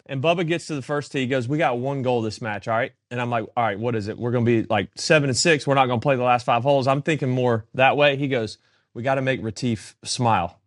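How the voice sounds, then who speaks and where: A man co-hosting a podcast, telling a story in a lively way and acting out what each person said. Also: medium pitch, fast talker, few pauses, no echo, studio quality. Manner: animated anecdote-telling, acting out dialogue. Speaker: podcast co-host. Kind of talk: casual storytelling chat.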